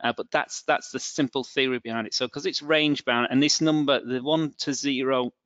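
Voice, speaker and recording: A man's voice: medium pitch, fairly even intonation, normal speed, a bit bright, no echo. A middle-aged man with a northern English accent presenting a live trading webinar, hesitant and full of fillers and restarts. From England. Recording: dull, dry, lo-fi webinar audio.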